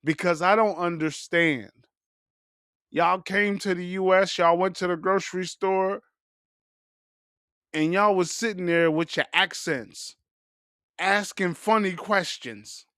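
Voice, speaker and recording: A man's voice: high voice, slow pace, long pauses, bright, forceful tone, dry recording, clean studio sound. A man hosting a podcast, riffing in loose, profane, joking casual chat. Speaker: podcast host.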